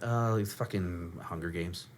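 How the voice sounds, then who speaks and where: A man's voice: deep voice, measured pace, a little hiss or hum. A man in his thirties co-hosting a casual podcast, rambling and swearing as he talks. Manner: rambling, profane, lively. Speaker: podcast co-host. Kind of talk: casual chat.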